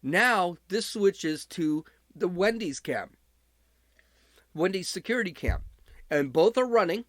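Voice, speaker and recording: Male podcast host, casual commentary, fairly high voice, dry sound. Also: expressive, takes it slowly, no room sound. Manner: conversational recounting with frequent restarts.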